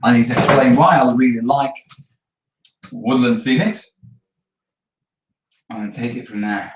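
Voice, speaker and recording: A man's voice: mid-range voice, a little slow, a little hiss or hum. A man, hosting a live hobby stream, chatting easily to viewers while he works. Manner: chatty, easygoing, talks to viewers while working. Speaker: terrain-building channel host. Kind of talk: casual chat during a live studio stream. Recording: roomy, distant, dull mic.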